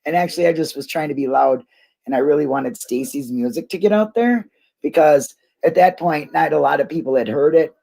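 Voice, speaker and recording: Brisk and gravelly, with a low-pitched, dark-toned voice, a woman hosting a casual YouTube livestream rambles and laughs while chatting with her viewers. She is quick to get emotional.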